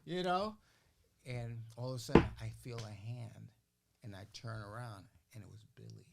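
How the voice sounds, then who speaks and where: An older man, a guest on a podcast, telling stories in a casual, animated way. He acts out the voices of the people he quotes and keeps asking "you know what I'm saying?". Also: fairly low pitch, moderate pace, gravelly, background noise. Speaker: interview guest. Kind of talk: casual storytelling.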